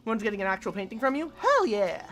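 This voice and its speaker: A woman's voice: mid-range voice, very animated, quick pace, fairly bright tone, soft background music. A woman streaming a game with casual, crude, joking commentary and frequent sighs.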